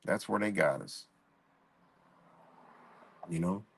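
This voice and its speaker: A man's voice: low-pitched, takes it slowly, creaky, a bit bright, slightly rough. A man hosting a live stream, ranting bluntly in profane street talk and greeting viewers in the chat. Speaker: livestream host. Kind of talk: casual live-stream rant.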